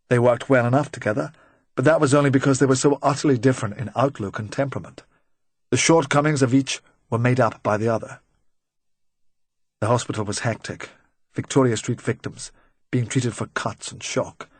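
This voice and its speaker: Male audiobook narrator, measured crime reading, medium pitch, very dry booth. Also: no echo. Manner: measured, even storytelling. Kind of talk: scripted narration.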